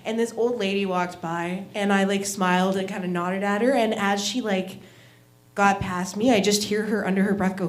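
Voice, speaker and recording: A woman's voice: medium pitch, fairly even intonation, moderate pace. A woman doing a stand-up set at an open mic, telling stories with frequent giggles and self-deprecating asides. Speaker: stand-up comedian. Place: small comedy venue, echoey room. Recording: echoey live room.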